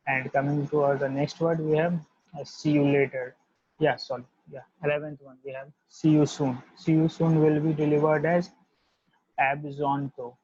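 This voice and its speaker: A man teaching an online language lesson, repeating each word several times in a slow, deliberate way. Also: mid-range voice, a little mellow, husky, dry recording. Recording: dull lo-fi dry audio.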